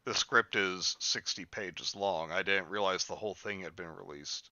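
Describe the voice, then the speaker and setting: This man hosts a loose comedy podcast with a deadpan, self-deprecating delivery. His voice sits a little low but sounds bright and forceful. The recording is dull and lo-fi, with no room sound. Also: normal speed, no room sound. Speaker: podcast host. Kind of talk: casual comedic chat.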